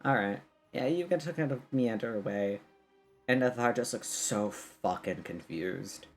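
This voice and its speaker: A man's voice: fairly low pitch, lively intonation, measured pace, soft background music. A man narrating and ruling as game master in a tabletop game, casual with many fillers.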